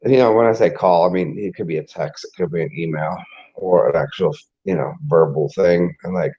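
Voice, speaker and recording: A low-pitched, mellow man with a breathy edge speaks fairly quickly, rambling profanely in a casual spiritual-vlogger monologue. He restarts his sentences often, on a dull lo-fi recording.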